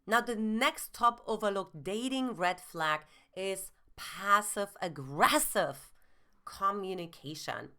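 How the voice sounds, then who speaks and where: A woman's voice: medium pitch, lively intonation, slow, pushed and bright. A woman giving relationship advice as a dating coach, earnest and explanatory, with frequent "you know" fillers.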